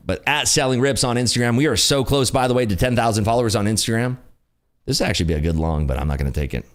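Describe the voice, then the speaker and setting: Low, lively man hosting a trading stream. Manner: upbeat, chatty, jokey. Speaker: day-trading livestream host. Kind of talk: casual live commentary.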